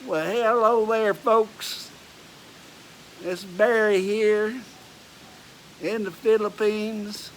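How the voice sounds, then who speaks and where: A man's voice: high voice, steady tone, extremely slow, long pauses, slight background noise, voice pushed up, low-quality recording. A man hamming up a hearty Texas drawl. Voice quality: exaggerated drawl. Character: folksy hollering Texas man, friendly older host.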